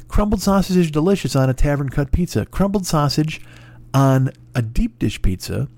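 A man's voice: mid-range voice, creaky, a little mellow, no echo. Exasperated profane man telling a story. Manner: exasperated, profane, acts out both sides of a phone call. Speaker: podcast host. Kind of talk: casual storytelling monologue.

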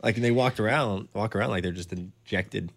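A man chatting on a podcast in a deep, low voice. He talks quickly and bluntly, tossing off jokes in rough language. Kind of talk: casual chat.

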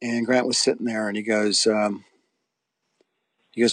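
A man's voice: on the low side, little pitch movement, unhurried, long pauses, a bit bright, no room sound. A middle-aged man, an interview guest, recalling his acting years in a rambling, anecdotal way with many fillers and restarts. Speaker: interview guest, former soap actor. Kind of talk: casual interview storytelling.

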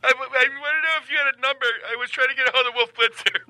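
Man impersonating a breathless, blustering TV news pundit who talks very fast in a sharp, piercing high voice. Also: fairly even intonation, slight background noise, full character voice, poor audio. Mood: rambling. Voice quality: rapid, breathless rambling delivery. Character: fast-talking older male TV political pundit. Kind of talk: comedic impression on a phone call.

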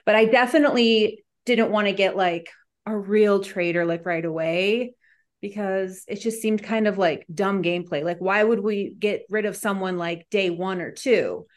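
A woman reality show contestant answering interview questions, telling stories animatedly and acting out quoted lines. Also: mid-range voice. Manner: animated, quick-paced storytelling with quoted dialogue.

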